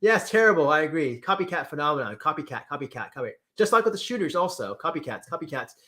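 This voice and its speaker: A man hosting a casual livestream, reading chat comments with lively exclamations and repeated words. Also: fairly high pitch, rapid-fire. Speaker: livestream host.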